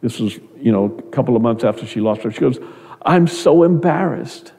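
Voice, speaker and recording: Middle-aged male pastor, earnest sermon delivery, mellow tone, reverberant hall sound. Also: little pitch movement, fast talker. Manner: earnest, repeats words, rises in pitch when quoting others.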